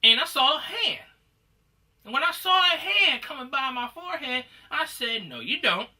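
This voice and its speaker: A man from Detroit spins a rambling, foul-mouthed comedy story about old gym fights, now and then shouting out other people's lines. His voice is very bright and sharp, and it sounds a bit away from the mic. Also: very high-pitched, big pitch swings, normal speed, recorded from a distance. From Detroit, USA. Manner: rambling, profane, acts out quoted shouting. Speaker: comedian telling gym stories. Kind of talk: profane storytelling monologue.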